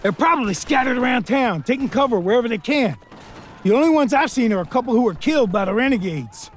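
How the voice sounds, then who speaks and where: A man's voice: extremely high pitch, animated, quick pace, a little hiss or hum, voice pushed up. A man narrating a western audiobook voices a tough, plainspoken male frontier fighter who drawls his words. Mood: grim.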